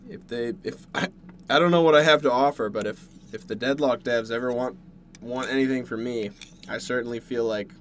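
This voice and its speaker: A young man from Canada streaming from a dark bedroom, chatting casually with viewers in a rambling way while working through a plate of food. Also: medium pitch, a little hiss or hum.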